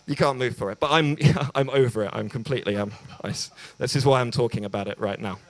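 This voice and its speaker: A man's voice: mid-range voice, fast. A young English man doing a stand-up set at an open mic, hesitant and self-deprecating, with lots of ums and restarts. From England. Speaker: stand-up comedian. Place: small bar venue.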